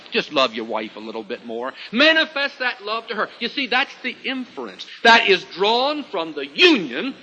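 A man's voice: high voice, sharp tone, a little hiss or hum. A man preaching a sermon to a congregation, with emphatic rising and falling delivery. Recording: lo-fi recording with long hall reverb.

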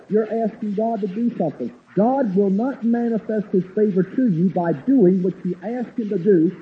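A man preaching a sermon, slowing to stress key phrases and dropping low and quiet when he tells a story. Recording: tinny lo-fi line with faint hiss.

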